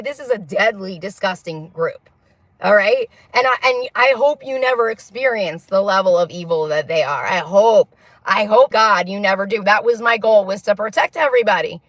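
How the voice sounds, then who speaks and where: A woman's voice: on the high side, a bit bright, no echo. A woman vlogger giving a heated, profane monologue to camera, repeating herself and pressing "okay?" after her points. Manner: repetitive, insistent, peppers talk with "okay?".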